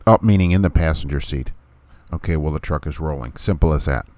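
A man with a deep, low voice hosts a casual podcast. He talks bluntly and sarcastically and keeps repeating his point for emphasis. The sound is dry and close, with no room around it. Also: fairly quick, a little mellow, no echo. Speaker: podcast host.

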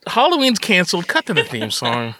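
A man hosting a podcast in casual chat, giggly and self-deprecating, with a husky voice. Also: sits high, huge pitch swings, fairly quick, bright, forceful tone, slight background noise. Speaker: podcast host.

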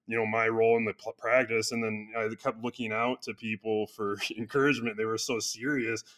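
A chiropractor being interviewed, talking earnestly in a casual conversation with loose restarts and frequent fillers. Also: male voice, lowish voice, flat delivery, a little fast, a bit bright. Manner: earnest, speaks in loose restarts with many "you know" fillers. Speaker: chiropractor and clinic founder.

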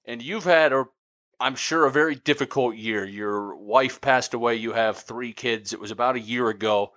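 A man hosting a podcast asks his guest a careful, gentle question. His voice is bright and forceful. The audio sounds dull and lo-fi. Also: mid-range voice, moderate pace. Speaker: podcast host. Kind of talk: podcast interview.

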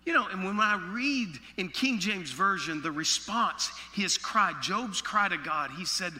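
A pastor from Alabama with a Southern accent, preaching a sermon with folksy, joking asides. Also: male voice, sits high, expressive, a little slow, hardly any pauses, sharp tone, in a large hall.

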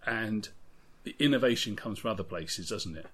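A man's voice: fairly low pitch, expressive, moderate pace, a bit bright, slightly rough. A man co-hosting a podcast, talking about tabletop games in a rambling, opinionated way. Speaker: podcast co-host. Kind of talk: casual podcast discussion.

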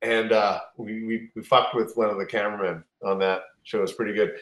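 A man's voice: fairly low pitch, level tone, brisk, a bit bright. Rambling, profane male storyteller in a roomy space. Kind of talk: casual chat. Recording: roomy echo.

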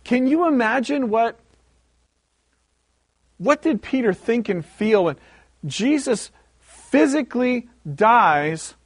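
The pastor, a man with a high voice, brings a story to life in his sermon, speaking slowly with long pauses and repeating key words to drive each point home. The sound is dry and close, with nothing of the room around it.

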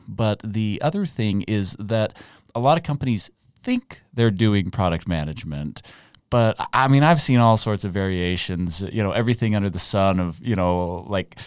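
Low-voiced man hosting a podcast. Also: dry recording, clean studio sound. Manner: relaxed, rambling with fillers. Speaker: podcast host. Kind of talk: casual interview hosting.

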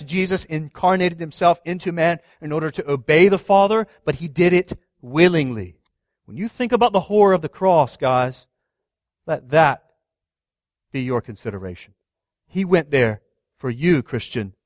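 A man in his thirties, a pastor preaching a sermon, asking the congregation questions and swinging from loud stress to hushed words. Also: a little high, expressive, measured pace, long pauses, no room sound, studio quality.

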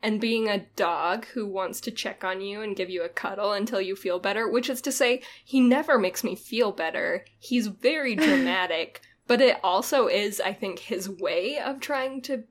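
A woman's voice: medium pitch, moderate pace, hardly any pauses. A young woman co-hosting a podcast, chatting casually in a rambling, self-deprecating way with frequent laughs. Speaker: podcast co-host. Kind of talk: casual chat.

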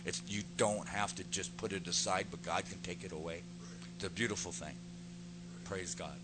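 A male preacher tells Bible stories and acts out their voices, his delivery climbing with fervor. A steady hum and noise sit under his voice in this rough recording. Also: deep voice, moderate pace. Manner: animated storytelling, acting out voices. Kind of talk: sermon.

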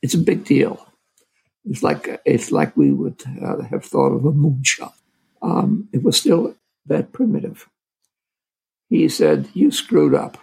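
An older man, a physician, telling a story from his career in a halting, casual way. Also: mid-range voice, huge pitch swings, vocal fry, a little mellow, slightly rough, low-quality recording. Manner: halting, full of restarts and fillers.

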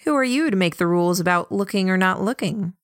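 A woman voicing a wry, tired young man in a dry, measured way. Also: mid-range voice, animated, no room sound, lightly acted.

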